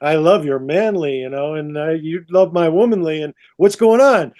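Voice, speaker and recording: A man's voice: a little high, moderate pace, a little mellow, close to an everyday voice. A man voicing a frustrated Eve. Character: frustrated first woman Eve.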